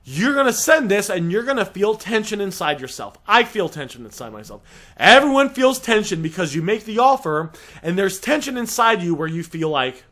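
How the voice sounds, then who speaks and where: A man's voice: high-pitched, big pitch swings, moderate pace, bright, forceful tone. A young man coaching listeners on a sales script, direct and emphatic, repeatedly calling them guys.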